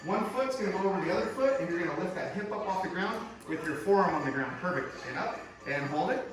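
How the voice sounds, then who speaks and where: A man leading a home workout as a fitness instructor, encouraging and quick with short praise, recorded indoors at home. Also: sits high, expressive. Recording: echoey room, far from the mic.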